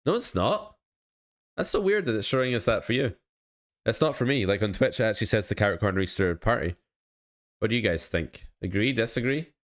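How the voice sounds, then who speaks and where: A man's voice: on the low side, expressive, brisk. A man, coaching poker live and chatting casually with his viewers, often second-guessing his own plays. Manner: chatty, self-critical, talks to chat. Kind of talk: casual live-stream commentary.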